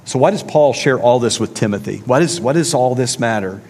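A man's voice: medium pitch, a little fast, darkish tone. Guy preaching, chatty, keeps repeating lines, big echoey church hall. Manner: conversational preaching with emphatic repetition. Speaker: pastor. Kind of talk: sermon. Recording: long reverb of a large hall.

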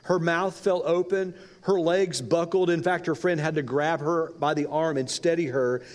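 A man's voice: a little high, steady tone, moderate pace. A male pastor telling a story during a sermon, dramatic and varying his pace for effect. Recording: long reverb in a large hall.

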